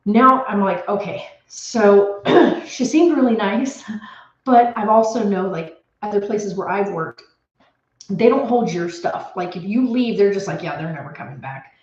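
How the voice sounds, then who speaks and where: This homestead vlogger, sitting in her home office, speaks at a measured pace in a mid-range voice. Her casual storytelling to camera is anxious and rambling, with frequent restarts, and she sounds nearly in tears. The sound is roomy and a bit muffled.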